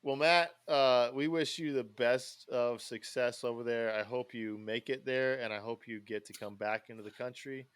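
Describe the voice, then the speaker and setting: A man's voice: mid-range voice, fairly even intonation, moderate pace, hardly any pauses, fairly bright tone, clear, resonant tone, no room sound. A man hosting a podcast in casual chat, rambling along with many fillers and restarts. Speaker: podcast host.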